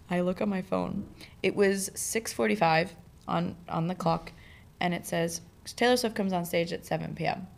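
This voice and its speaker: A young woman co-hosting a podcast, telling a travel story in lively casual chat and acting out the people she quotes. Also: on the low side, a little slow, creaky. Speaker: podcast co-host.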